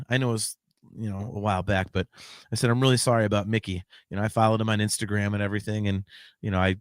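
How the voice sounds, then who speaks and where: A man hosting a podcast, telling a long casual story in a rambling, excited way with plenty of casual swearing. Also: medium pitch, no echo, clean studio sound. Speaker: podcast host.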